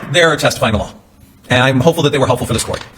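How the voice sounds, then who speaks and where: A man's voice: mid-range voice, rapid-fire, fairly bright tone, a little hiss or hum. A man giving a courtroom closing argument as a defense attorney, talking conversationally with digressions and asides.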